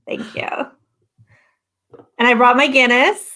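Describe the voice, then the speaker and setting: A woman's voice: fairly high pitch, slow, pushed and bright. A woman in a casual video chat, joking and teasing the others. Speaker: guest. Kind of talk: casual chat on a virtual happy hour. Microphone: video call.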